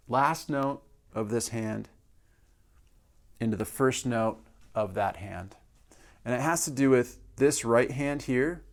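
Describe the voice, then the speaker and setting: A man's voice: medium pitch, creaky. A male drum teacher explaining a practice exercise step by step and counting beats aloud. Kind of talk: instructional demonstration.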